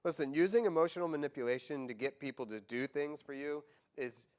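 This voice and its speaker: A man pastor preaching a sermon, animated and conversational, acting out quoted voices with humor. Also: fairly high pitch, fairly quick, clear, resonant tone.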